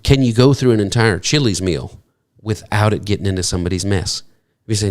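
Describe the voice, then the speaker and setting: A man preaching a sermon as pastor, talking in a conversational, humorous way and jumping up in pitch to act out what people might say. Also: fairly quick. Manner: animated, jumps into high-pitched acted quotes; conversational, self-deprecating humor.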